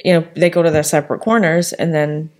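A woman's voice: sits low, little pitch movement, fast, a little mellow. A woman co-hosting a casual talk with her partner, speaking reflectively with plenty of "like" and "you know". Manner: reflective, conversational, many fillers like "like" and "you know". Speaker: podcast co-host talking with her partner. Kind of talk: casual relationship chat.

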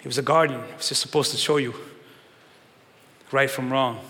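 A male pastor preaching a sermon with emphatic swings from shouting to low, quiet stretches. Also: fairly even intonation, moderate pace. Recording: long reverb of a large hall.

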